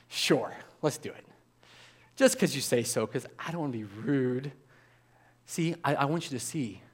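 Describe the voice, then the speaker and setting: Animated man preaching a sermon. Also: fairly high pitch. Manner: animated, acts out voices of biblical figures. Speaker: pastor.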